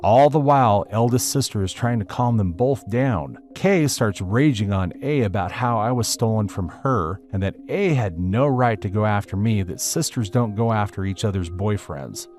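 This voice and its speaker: A man narrating a first-person story aloud with a steady storytelling delivery. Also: fairly low pitch, normal speed, hardly any pauses. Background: faint music.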